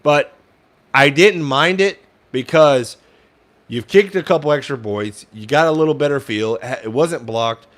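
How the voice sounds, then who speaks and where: A man's voice: medium pitch, measured pace, a bit bright. Fired-up young man ranting over a game. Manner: frustrated, ranting, swears at play calling. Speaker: fan play-by-play commentator. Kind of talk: casual fan commentary.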